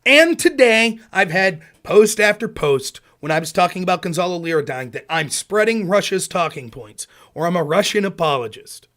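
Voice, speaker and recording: A man's voice: high-pitched, animated, normal speed, few pauses, fairly bright tone. A man streaming political commentary, heated and sarcastic, putting questions to his audience. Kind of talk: casual ranting commentary.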